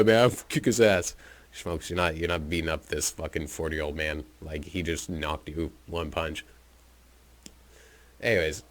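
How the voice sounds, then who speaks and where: A man's voice: deep voice, a bit bright. A man telling a personal story in a rambling, profane, casual way into his own microphone, with chuckles and filler words. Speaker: podcast storyteller.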